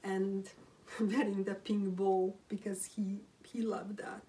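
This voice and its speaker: A grieving woman telling a personal story at home, in a halting voice near tears with whispered phrases and many restarts. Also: medium pitch, level tone, warm tone, far from the mic, low-quality recording. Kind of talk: emotional first-person storytelling. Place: room at home, seated.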